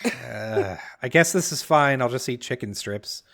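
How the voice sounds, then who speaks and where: A man's voice: medium pitch, expressive, unhurried, creaky, fairly bright tone. A young man co-hosting a podcast, telling stories in casual chat and working himself into mock-outraged rants. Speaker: podcast co-host.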